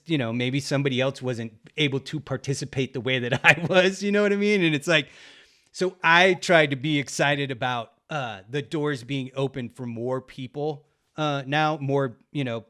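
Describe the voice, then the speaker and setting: A middle-aged man hosting a relaxed podcast chat, with a voice of middling pitch. He rambles through his points, leans on fillers and breaks into easy laughs. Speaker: podcast host and record cover artist. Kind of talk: casual conversation.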